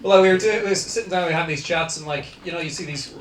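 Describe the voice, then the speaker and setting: Heard from a distance in an echoey, noisy comedy club, this young man talks very fast in a high voice over audience laughter. He's from South County Dublin and has a posh South Dublin Irish accent, and his stand-up set blends crowd work with dry humor at his own expense.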